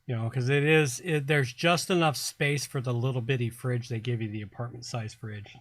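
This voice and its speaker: A man's voice: mid-range voice, fairly even intonation, normal speed, no echo. A middle-aged man hosting a casual late-night livestream from his apartment, tipsy and blunt, swearing freely as he chats. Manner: blunt, profane, drawling. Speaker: livestream host. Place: home apartment.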